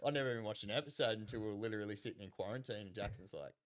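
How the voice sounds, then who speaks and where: A man's voice: fairly low pitch, rapid-fire. An Australian man chatting as a podcast guest, rambling through stories, laughing often and acting out what others said. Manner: rambling, laughs often, acts out quoted voices. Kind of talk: casual storytelling chat.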